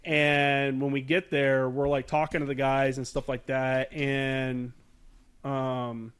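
A man's voice: medium pitch, flat delivery, takes it slowly, fairly bright tone, clear, resonant tone. A man from the United States telling a war story as a podcast guest, rambling, swearing and backtracking as he recalls. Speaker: podcast guest, Marine veteran. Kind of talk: casual war storytelling interview.

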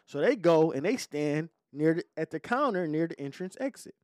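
A podcast host from spins a story in loose, slang-heavy, profane chat. His voice sits a little higher than most men's. The sound is dry and close, with almost no room around it. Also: lively intonation, moderate pace, a little mellow, no room sound. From Detroit.

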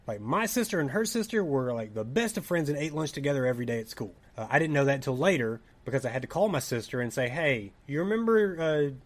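A young man with a Tennessee accent, telling a story in casual podcast chat, animated and laughing, swearing and acting out quoted dialogue. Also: medium pitch, quick pace, few pauses. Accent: Southern US, Tennessee. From Tennessee, USA. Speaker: podcast co-host.

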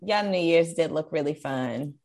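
A young woman chatting casually with friends as a podcast co-host, slangy with quick reactions. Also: deep voice, lively intonation, a little mellow. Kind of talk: casual chat among friends.

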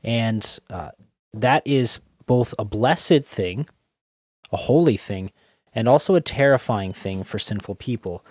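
A man's voice: fairly low pitch, expressive, measured pace, darkish tone, dry recording, studio quality. A man co-hosting a podcast, answering thoughtfully with frequent ums and quoting scripture. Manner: thoughtful, many fillers, quotes scripture. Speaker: podcast co-host. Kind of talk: conversational theological discussion.

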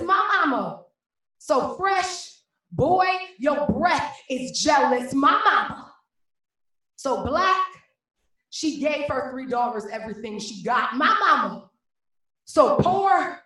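A woman performing slam poetry in a high, bright voice. Her delivery is rhythmic and emphatic, and she drives each line home in slow, deliberate beats. She is picked up from across a very echoey room. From Cleveland, Ohio. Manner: rhythmic, emphatic declamation with repeated refrains. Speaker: slam poet. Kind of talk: spoken-word poetry performance. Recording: very echoey room, mic at a distance.

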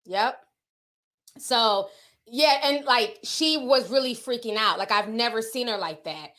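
This livestream host is a middle-aged woman from the northern US whose slightly high voice keeps a measured pace. In casual chat she tells stories and reads out comments from viewers, slipping into lively voices for quotes in her chatty storytelling.

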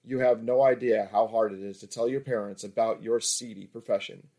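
A man's voice: fairly low pitch, steady tone, fairly quick, creaky, warm tone. Confident female escort, voiced by a man, frank, matter-of-fact, erotic story reading.

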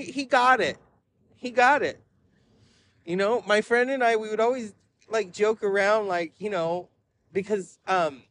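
Guy rambling thru podcast stories, lively voice that jumps around, some background noise. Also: sits high. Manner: animated, rambling storytelling with frequent laughs. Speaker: podcast host. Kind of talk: casual rambling monologue.

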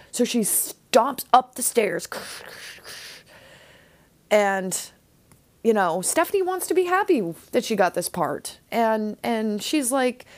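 A woman's voice: mid-range voice, no room sound. A young woman hosting a podcast, recapping a TV episode in a chatty, casual way full of fillers. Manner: chatty, lots of "like" and "um". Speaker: podcast host.

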